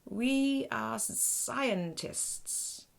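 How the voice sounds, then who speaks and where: Woman putting on a creaky buzzing alien captain. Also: fairly high pitch, expressive, pitched above the performer's own voice, full character voice. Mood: polite, formal. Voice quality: creaky, buzzing, robot-like translated voice. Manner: slow, careful, formal speech. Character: small round female alien ship captain, polite.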